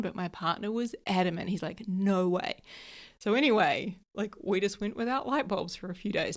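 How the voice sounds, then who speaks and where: A woman's voice: mid-range voice, brisk. Chatty woman podcast host. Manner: chatty storytelling, lots of "like", frequent laughs. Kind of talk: casual solo podcast chat.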